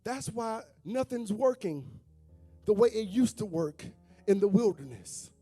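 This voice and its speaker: A man's voice: sits high, lively intonation, a little slow, mellow. A male preacher, delivering a sermon in a church sanctuary. He calls out to the congregation and breaks into sung, whooping lines over faint instrument music. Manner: call-and-response preaching with sung, whooping phrases. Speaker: pastor.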